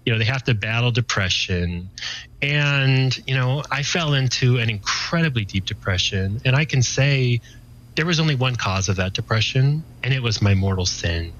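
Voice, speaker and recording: A man in his forties speaks as a guest, sharing his life story in an earnest, rambling way. He restarts his sentences often and keeps leaning on "you know." His voice sits at a middling pitch, and the recording sounds slightly dull and muffled. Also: expressive, normal speed, a bit bright. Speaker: guest giving his testimony. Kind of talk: casual personal testimony.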